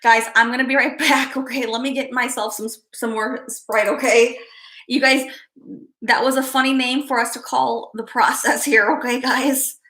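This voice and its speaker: Giggly bright-voiced woman streamer. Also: fairly high pitch, steady tone, normal speed. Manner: giggly, chatty, often laughing and slipping into soft asides. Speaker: livestream host reading viewer comments. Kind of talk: casual live-stream chat.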